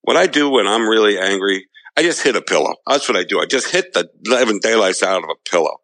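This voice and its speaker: Guy doing a flustered high-voiced therapist bit, gravelly underneath, dry close sound. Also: animated, quick pace, fairly bright tone, no room sound. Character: excitable middle-aged male therapist impression.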